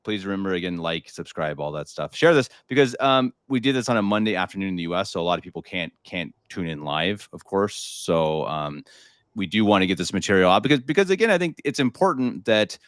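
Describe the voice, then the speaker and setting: A man's voice: low voice, lively intonation, fairly quick, a bit bright, clean tone, no room sound, studio quality. An American man hosting a live podcast, talking casually with lots of fillers and repeated words. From United States. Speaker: podcast host.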